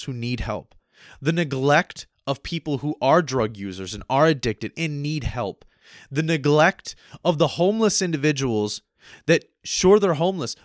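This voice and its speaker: A man's voice: medium pitch, dry recording. Heated American man ranting, dry sound. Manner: heated, repetitive, addresses audience as folks. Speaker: political commentator. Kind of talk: impassioned political rant.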